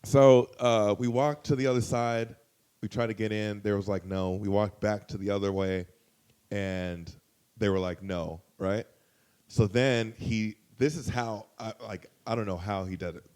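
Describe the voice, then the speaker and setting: Animated young man telling a wild story. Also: lowish voice, measured pace, clear, resonant tone. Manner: animated, profane, jumps into loud quoted outbursts. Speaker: guest storyteller. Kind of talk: casual storytelling on a comedy podcast.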